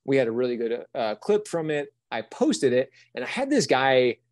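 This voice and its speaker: A man's voice: mid-range voice, moderate pace, no room sound. Earnest young man telling a story. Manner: earnest, animated storyteller with many restarts. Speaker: guest. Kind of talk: storytelling interview chat.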